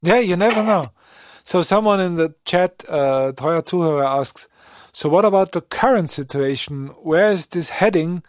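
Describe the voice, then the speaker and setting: A man hosts a live-streamed interview, asking questions in a relaxed conversational way and passing on comments from the chat. His voice sits slightly high, and the recording is dry and close. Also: moderate pace, dry recording. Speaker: interview host.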